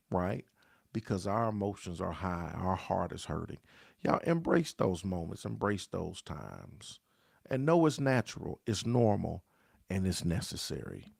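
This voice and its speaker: A man's voice: lowish voice, vocal fry, darkish tone, dry recording, clean studio sound. A man, a pastor, giving a daily grief devotional in an earnest, conversational way, often repeating key phrases and calling his listeners y'all.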